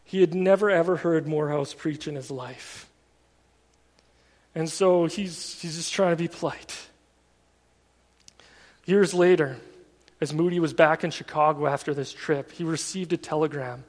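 A man with a high voice preaches in a relaxed, chatty manner, telling the story as if talking to friends. His words ring out with a long reverb, as in a large hall. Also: measured pace, long pauses. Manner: casual storytelling with fillers like "like" and "kind of". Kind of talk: conversational sermon.

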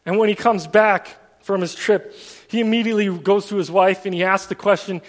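A man with a high voice preaches in a relaxed, chatty manner, telling the story as if talking to friends. His words ring out with a long reverb, as in a large hall. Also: fairly quick. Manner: casual storytelling with fillers like "like" and "kind of". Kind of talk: conversational sermon.

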